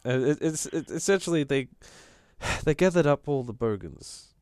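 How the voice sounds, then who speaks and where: An Australian man co-hosting a political podcast, talking in an animated, casual way and often restarting his sentences. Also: fairly high pitch, normal speed, no room sound, studio quality. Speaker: podcast co-host.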